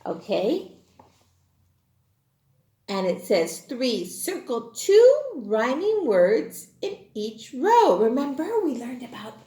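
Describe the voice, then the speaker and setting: A woman's voice: a little high, darkish tone, reverberant. A woman teaching a recorded kindergarten phonics lesson, encouraging and sing-song as she sounds out words for the children. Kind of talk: recorded online class lesson.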